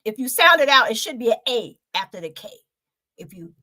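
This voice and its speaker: A woman's voice: a little high, big pitch swings, brisk, bright, forceful tone, no room sound. A woman hosting a casual talk show interview, chatty and rambling.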